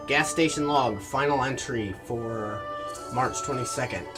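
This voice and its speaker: A man's voice: mid-range voice, a little slow, recorded from a distance, music in the background. A man working a gas station shift, talking to himself in a weary, rambling video diary, feeling run down. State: tired and run down.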